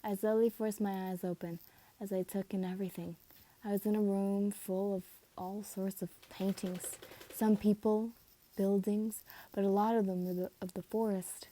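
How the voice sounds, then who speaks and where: Woman reading a fan story casually; mellow tone, stumbles and self-corrects. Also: mid-range voice, little pitch movement, normal speed. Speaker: reader.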